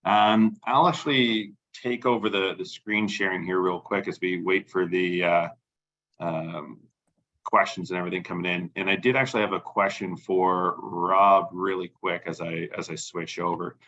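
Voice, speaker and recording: Low-voiced man hosting a webinar, lo-fi. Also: fairly even intonation, normal speed, a bit bright. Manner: casual, filler-heavy. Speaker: webinar host. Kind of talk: webinar hosting and software demo.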